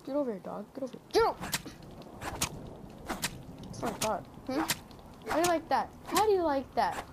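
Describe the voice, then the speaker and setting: A woman's voice: high voice, sing-song, fairly quick, background noise. A woman hosting casual gameplay commentary, goofy, talking to the game and making up silly songs. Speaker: gaming channel host.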